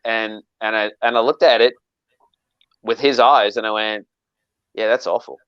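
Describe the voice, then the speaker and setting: A man's voice: on the low side, normal speed, clean tone, no room sound, lo-fi sound. A man telling a long story in casual chat, rambling with frequent restarts and acting out quoted lines. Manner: rambling with many restarts, animated quoting. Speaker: knifemaker guest.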